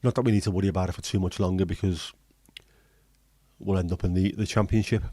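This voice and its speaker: Joking host, casual swearer, mellow low voice, dry close sound. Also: male voice, steady tone, quick pace, dry recording. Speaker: livestream host. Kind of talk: casual chat reading viewer comments.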